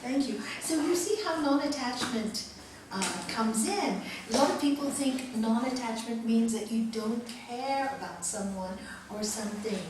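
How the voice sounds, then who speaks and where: A woman's voice: a little high, a little slow. Woman teaching a yoga class, earnest storyteller, big echo, mic far away, a little room hiss. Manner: earnest, storytelling, laughs often. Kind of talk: spiritual teaching talk.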